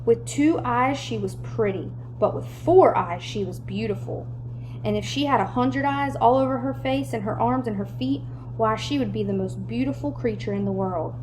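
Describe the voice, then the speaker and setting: A woman reading a children's chapter book aloud in a lively, expressive way. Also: medium pitch, noisy background. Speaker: storyteller.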